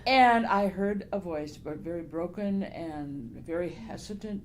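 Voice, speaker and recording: A woman's voice: fairly low pitch, lively intonation, unhurried, hardly any pauses. An older woman author, talking in a casual interview, telling her stories with animation, laughing often and growing emotional. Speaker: novelist guest. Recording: faint background noise.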